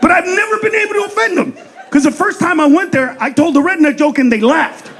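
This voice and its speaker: A man doing stand-up comedy on stage into a handheld mic, loud, profane and punchy. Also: very high voice, brisk, some chatter behind.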